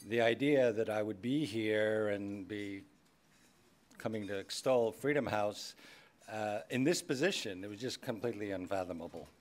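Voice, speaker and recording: A man giving a keynote speech at a formal dinner, starting loose with fillers and turning firm and emphatic. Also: lowish voice. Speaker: keynote speaker, head of state. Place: large banquet hall.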